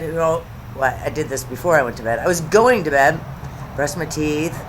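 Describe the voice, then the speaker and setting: A woman's voice: low-pitched, background noise. A woman in her fifties talking casually to camera at home, chatty and sarcastic, drifting between topics. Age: 50s. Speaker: YouTube commentary host. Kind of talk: casual rambling commentary to camera.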